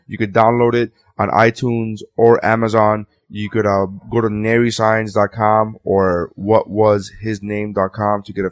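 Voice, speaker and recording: A man hosting a podcast, reading sponsor plugs casually with lots of fillers. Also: lowish voice. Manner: loose, filler-heavy, rambling plugs. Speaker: podcast host. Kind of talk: casual chat.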